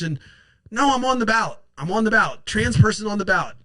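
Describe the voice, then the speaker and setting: Male political commentator, slightly high-pitched, blunt and profane, impassioned delivery, dry close sound. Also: lively intonation, quick pace, pushed and bright, dry recording, poor audio.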